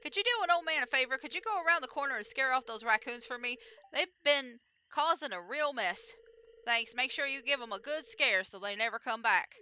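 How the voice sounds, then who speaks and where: A woman voicing a grumpy old man fed up with raccoons, reading game dialogue aloud in a gruff put-on accent. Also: sits high, lively intonation, brisk, bright, forceful tone, muffled recording, voice pushed up. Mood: pleading.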